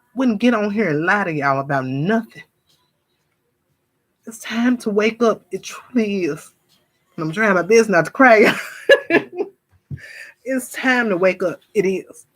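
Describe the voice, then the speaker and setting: With a medium-pitched, expressive voice, she speaks unhurriedly and pauses often. This spiritual vlogger preaches fervently and casually to her viewers, calling them y'all and imitating gossip.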